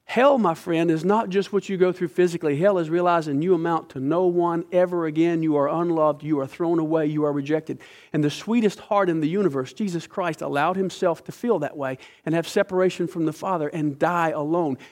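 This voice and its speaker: A middle-aged man preaching a sermon to a congregation, with a dramatic, impassioned delivery that swings suddenly between loud and soft. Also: on the high side, brisk.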